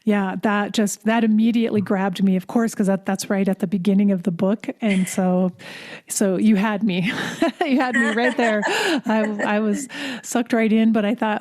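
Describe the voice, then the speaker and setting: A woman's voice: medium pitch, fairly even intonation, normal speed, darkish tone. A woman hosting a podcast interview, responding to her guest in an affirming, conversational way. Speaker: podcast host.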